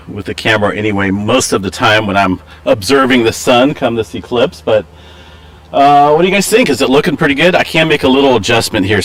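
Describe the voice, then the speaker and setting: A man hosting a casual live stream, chatting in a relaxed, rambling way with lots of fillers, through a camera microphone. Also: fairly low pitch.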